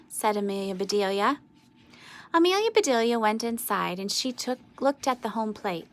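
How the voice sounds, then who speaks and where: A woman reading a children's storybook aloud with expressive, sing-song narration. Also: medium pitch, unhurried, dry recording. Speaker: storybook reader.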